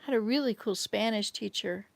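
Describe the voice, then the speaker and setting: Reading chat on her casual livestream at home in Canada, an older woman rambles through recollections and replies to viewer comments along the way. Her voice is medium-pitched with vocal fry at a moderate pace, with no room sound.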